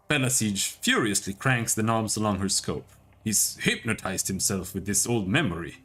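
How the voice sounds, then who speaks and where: Man reading a game aloud on stream; low, dramatic, lively melody. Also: moderate pace, breathy edge. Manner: dramatic, storytelling delivery. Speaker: game narrator.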